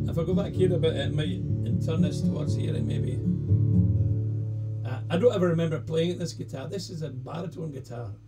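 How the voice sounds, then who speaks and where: A Scottish singer-songwriter chatting casually on a live stream between songs, rambling and self-deprecating. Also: male voice, a little high. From Scotland.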